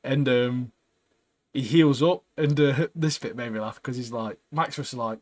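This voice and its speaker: A man's voice: medium pitch, moderate pace. Chatty man recapping a show. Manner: chatty and animated, often laughing, frequent "mate". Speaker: podcast co-host. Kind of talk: casual chat recapping a TV episode.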